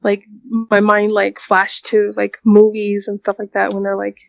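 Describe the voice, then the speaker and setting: A woman guest on a podcast telling a personal story in a halting, quiet way, full of "like" and "um". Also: medium pitch, monotone, creaky, no room sound, muffled recording, faint music behind.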